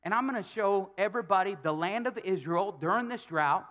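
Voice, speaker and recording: A pastor delivers a sermon, retelling scripture with humor and acting out the characters' lines. His slightly high voice runs a little fast, and the lo-fi recording sounds dull, with the top end muffled.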